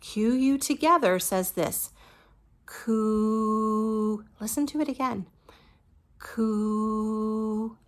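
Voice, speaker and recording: A woman's voice: high voice, expressive, moderate pace, hardly any pauses. A woman teaching a phonics lesson to young children, patiently modeling each letter sound and praising the listener.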